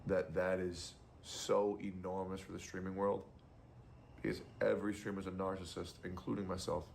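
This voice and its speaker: A man's voice: low voice, level tone, normal speed, vocal fry, darkish tone, a little hiss or hum. A young adult man streamer giving casual, blunt and profane commentary.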